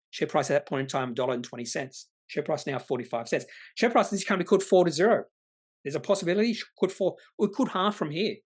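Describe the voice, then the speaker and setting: A man, hosting an investing channel and answering viewer comments in a rambling, opinionated way. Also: on the high side. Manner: rambling, opinionated, self-correcting.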